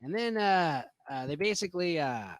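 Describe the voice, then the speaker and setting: A man's voice: a little high, animated, moderate pace, no echo. A drunk man giving a rambling, profane movie rant, full of fillers and restarts. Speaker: movie reviewer.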